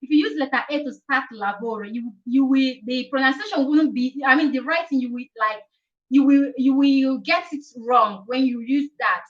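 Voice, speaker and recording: A woman's voice: sits high, normal speed, dull audio. A young woman hosting a casual live-stream lesson, repeating each point and often checking with "okay?". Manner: repetitive, explains each point several times with many "okay?" checks. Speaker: language teacher hosting a live chat.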